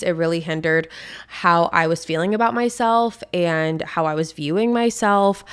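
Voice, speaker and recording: A fairly low-pitched young woman hosts her own podcast, chatting openly to her listeners. Her voice is a little congested and throaty from a cold. She keeps it casual and confiding. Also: smooth. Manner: chatty and confiding, addresses listeners as "you guys". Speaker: podcast host. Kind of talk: solo casual chat.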